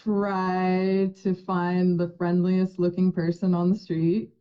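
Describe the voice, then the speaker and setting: Woman guest, laid-back chatter full of 'like', somewhat low voice, dull sound. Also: slow pace. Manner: relaxed, heavy use of filler 'like'. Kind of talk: casual chat.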